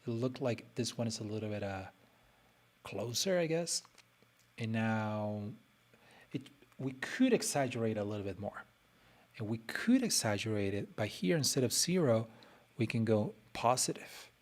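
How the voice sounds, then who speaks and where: A man's voice: fairly low pitch, sing-song, normal speed. A man streaming his design work, chatting casually and playfully as he thinks aloud and talks to his screen. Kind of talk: casual live design commentary.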